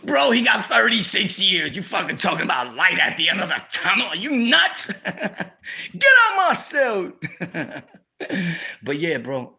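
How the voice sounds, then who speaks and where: A young man with a New York accent telling jail stories in a casual, slangy, animated way for his video channel. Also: mid-range voice, creaky. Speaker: YouTube storyteller. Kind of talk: casual storytelling vlog.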